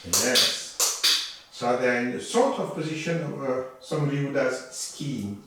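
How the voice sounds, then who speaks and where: A man giving a live demonstration lesson as a teacher, animated and coaxing, in a room at home. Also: mid-range voice, unhurried, very noisy. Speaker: echolocation teacher. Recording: very echoey room, far from mic.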